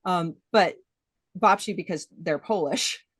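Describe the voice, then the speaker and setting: A friendly woman interviews a narrator in a casual chat, laughing easily and offering compliments. Her voice sits on the lower side, and the recording is dry and close. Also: a little slow, slightly rough, dry recording.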